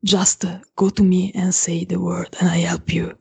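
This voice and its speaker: A woman's voice: on the low side, flat delivery, vocal fry, husky, full character voice. Mara, a woman whispering as a devoted vampire. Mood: tender, resolute. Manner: halting, earnest vows in simple phrasing. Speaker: player. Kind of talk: whispered role-play.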